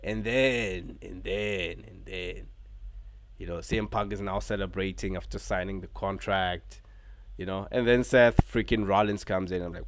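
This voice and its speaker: Man reviewing wrestling casually, low voice, dry close sound, excitable, curses. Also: normal speed, creaky, no echo. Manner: excited, swears, heavy filler words.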